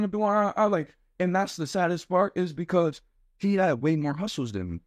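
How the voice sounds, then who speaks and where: A young man from New York talks in a slightly high voice, telling his story in a loose, slangy way. He acts out other people's lines as he goes and keeps checking in with the listener. The sound is close and dry, like a small studio mic. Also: quick pace, no room sound. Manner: animated, slangy, acts out quoted voices, repeats "you get what I'm saying". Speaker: rapper guest. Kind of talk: casual interview storytelling. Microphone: studio microphone.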